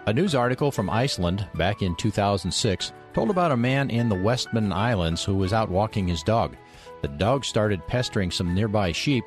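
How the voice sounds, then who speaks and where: Low-voiced male radio program host. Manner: light humorous asides. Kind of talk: scripted radio introduction.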